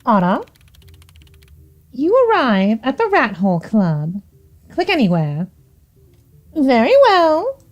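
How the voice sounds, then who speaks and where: A woman VTuber playing a visual novel and commenting in a theatrical, teasing, prim manner. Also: high-pitched. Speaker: VTuber game streamer.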